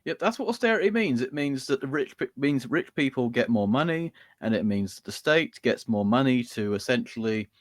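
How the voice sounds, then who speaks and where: A man's voice: medium pitch, expressive, moderate pace, few pauses, no echo, clean studio sound. A man co-hosting a podcast, sarcastic and rambling with lots of fillers. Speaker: podcast co-host. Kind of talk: ranty casual chat.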